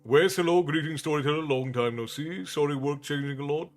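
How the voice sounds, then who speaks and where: Casual stream host, a man from Ireland, friendly and rambling, with soft music underneath. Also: a little high, fairly even intonation, fairly quick. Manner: friendly, rambling, greets viewers by name. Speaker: livestream host and storyteller. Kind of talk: casual chat with stream viewers.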